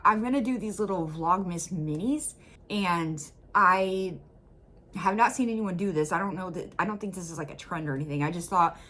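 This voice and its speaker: An American woman chatting casually as she hosts a reaction video, often filling pauses with um and like, recorded at home on a desk mic. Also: on the low side, sharp tone. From United States. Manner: chatty, hedging with many ums and likes.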